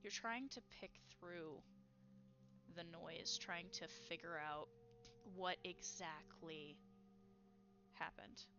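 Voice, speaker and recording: A woman narrates a tabletop game in an unhurried, atmospheric way. Her voice sits at a middling pitch and comes through a dull, lo-fi recording. Music plays clearly underneath the whole time. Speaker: game master.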